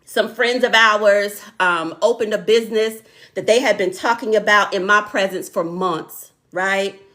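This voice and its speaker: A woman's voice: medium pitch, measured pace, fairly bright tone. A middle-aged woman hosting a live online talk show, speaking, repeating lines for emphasis and calling out viewers by name.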